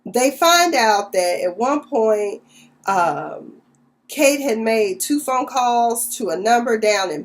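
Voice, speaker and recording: Chatty woman recapping a TV episode. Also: fairly high pitch. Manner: chatty, slangy retelling with sassy asides. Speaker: TV recap vlogger.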